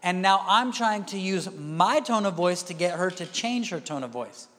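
A male pastor giving a conversational sermon, dropping to quiet asides and rising to loud emphatic bursts. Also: sits high, lively intonation, normal speed. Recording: reverberant hall.

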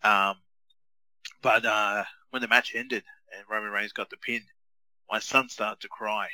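Bright-voiced, low man. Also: steady tone, a little slow, dry recording, low-quality recording. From Australia. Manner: easygoing, rambling, with many fillers. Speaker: podcast co-host. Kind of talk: casual chat.

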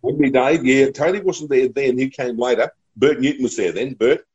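A man's voice: medium pitch, moderate pace, darkish tone, slightly rough, muffled recording. A middle-aged man with an Australian accent, a radio broadcaster telling chatty, laughing anecdotes in a casual interview. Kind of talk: casual storytelling.

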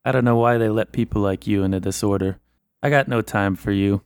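A man voicing a blunt, suspicious 1920s police officer in a tabletop role-play, gruff and dismissive. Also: lowish voice, fairly even intonation, a little fast, dry recording, studio quality, lightly acted. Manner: gruff, plain-spoken, dismissive. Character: blunt suspicious male 1920s Boston cop.

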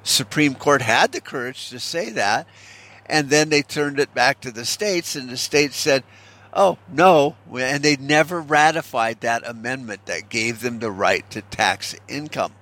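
A middle-aged man vents in a loose, casual monologue, blunt and swearing as he goes. His voice sits at an ordinary middle pitch. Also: a little slow, pushed and bright. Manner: blunt, profane ranting. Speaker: vlogger.

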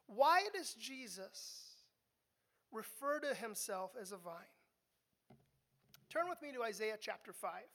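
A woman's voice: high-pitched, lively intonation, a little slow, a bit bright. A woman preaching an expository sermon in a conversational teaching manner, often repeating a word as she restarts a phrase.

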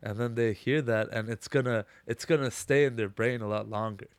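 A man's voice: medium pitch, fairly even intonation, normal speed, smooth, dry recording. A man hosting a podcast in casual conversation, laid-back and slangy, with enthusiastic reactions. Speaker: podcast host.

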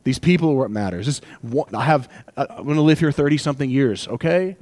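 A man's voice: mid-range voice, animated, quick pace, darkish tone, dry recording. A man preaching a sermon as pastor, conversational and emotional, with asides and acted-out quotes.

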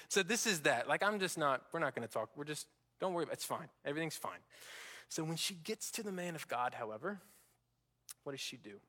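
Guy preaching, bright voice, acts out the lines then goes real quiet. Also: a little high, fast talker. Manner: animated, acts out characters' lines with sudden drops to hushed tones. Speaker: guest preacher. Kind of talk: sermon. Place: church sanctuary.

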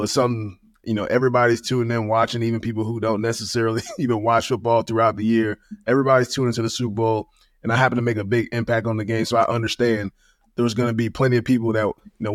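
A man in his thirties talks as the guest in a relaxed interview, humble and easygoing, leaning on "you know" as he goes. His words come quickly. The sound is dry and close, with no room around it. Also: mid-range voice, no echo. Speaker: guest, former pro running back. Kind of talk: casual interview chat.

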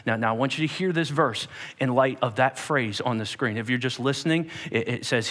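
A man preaching a sermon in an animated way, acting out scenes in many voices. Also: mid-range voice, fast talker, hardly any pauses. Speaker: pastor. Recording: long hall reverb.

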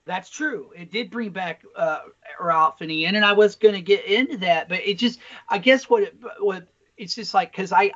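A man co-hosting a casual podcast, talking bluntly and swearing a lot as he tells a story with animated energy. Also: high-pitched. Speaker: podcast co-host. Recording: slightly dull lo-fi sound.

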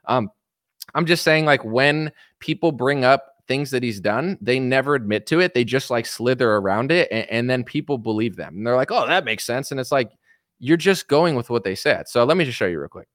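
A man giving casual political commentary on a stream, animated and mocking, acting out the people he quotes. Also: medium pitch, a little fast, no echo, clean studio sound.

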